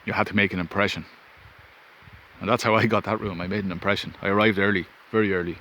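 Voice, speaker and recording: Man, low voice, rambling anecdote, phone recording outdoors, faint wind noise. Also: steady tone, fast talker, pushed and bright. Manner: rambling anecdotal, self-interrupting. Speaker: vlogger. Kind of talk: casual storytelling.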